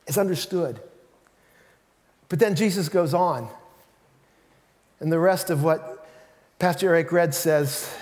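High-voiced male pastor preaching in a hall. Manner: animated storytelling, acting out quotes with a laugh. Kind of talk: sermon. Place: church sanctuary. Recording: reverberant church hall.

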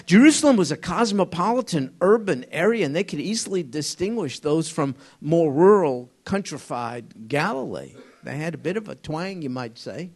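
A man teaching an informal Bible study to a small group, conversational and halting, often asking them questions. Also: on the high side, very animated, darkish tone.

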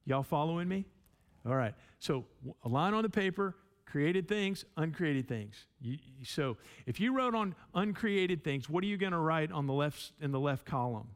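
A man's voice: on the high side, animated, normal speed. A man teaching a sermon in a conversational way, often repeating words and checking in with his listeners. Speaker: pastor.

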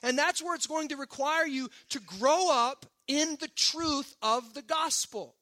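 A pastor with a very high-pitched, sharp voice preaches a sermon unhurriedly. His style is emphatic yet conversational, and he often checks in with the congregation through frequent "right?" asides.

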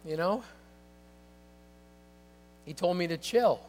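Pastor guy preaching, pretty high voice, goes from quiet to worked up, soft music behind. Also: slow pace. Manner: animated storytelling, swings from hushed to excited. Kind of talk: sermon.

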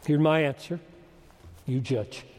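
A man preaching a sermon, emphatic and swelling to loud exclamations. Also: fairly high pitch, takes it slowly. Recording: long hall reverb.

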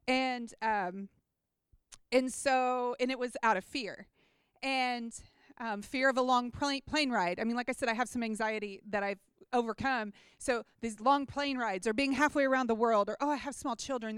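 A woman's voice: on the high side, smooth, no echo. A woman sharing a personal faith testimony about a mission trip, talking casually and earnestly with many "like"s and restarts. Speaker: mission trip team member.

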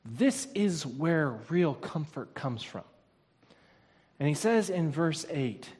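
A man's voice: on the high side, lively intonation, slow pace, a little mellow. A male pastor preaching a sermon, building to emphatic repeated scripture lines and questions to the congregation. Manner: preaching with swelling intensity and emphatic repetition. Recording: long hall reverb.

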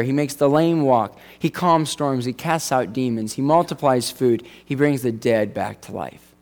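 Guy pastor giving a sermon, chatty, cracks little jokes, mid-pitched voice. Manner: conversational, jokey asides.

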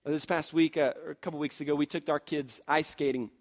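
A man in his thirties preaching a sermon, swinging from loud emphatic passages to quiet storytelling, with frequent "and, and" restarts. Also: fairly high pitch, fairly even intonation, quick pace. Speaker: pastor.

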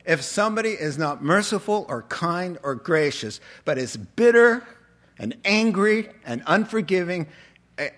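Animated preacher man, slow and deliberate. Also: high-pitched. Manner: animated storytelling, acting out the characters' lines. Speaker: pastor. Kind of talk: sermon.

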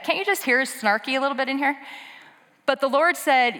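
A woman preaching a lively, conversational sermon in a church sanctuary. Her voice is bright and fairly high, and she talks straight to the congregation with quick asides. Long hall reverb trails every phrase.

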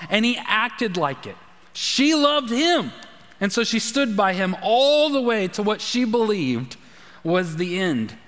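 A man, preaching a conversational sermon as a pastor, sometimes sinking to a hushed, intense delivery. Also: sits high. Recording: long hall reverb.

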